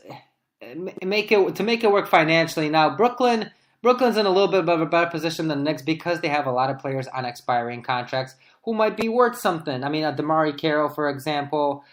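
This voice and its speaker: A man co-hosting a sports podcast, thinking aloud in casual debate as he pitches hypothetical trades. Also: brisk. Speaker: podcast co-host.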